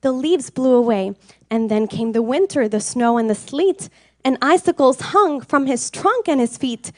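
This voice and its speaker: A woman's voice: sits high, measured pace, no echo. Brief: woman storyteller, rhythmic sing-song delivery, dry close sound. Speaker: reader. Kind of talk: reading a rhyming storybook aloud.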